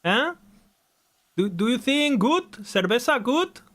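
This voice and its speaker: A man voicing an excitable, chummy Spanish man with a Spanish accent, in a drawn-out, sing-song way that pesters with questions. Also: extremely high pitch, voice pushed up, exaggerated voice. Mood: teasing.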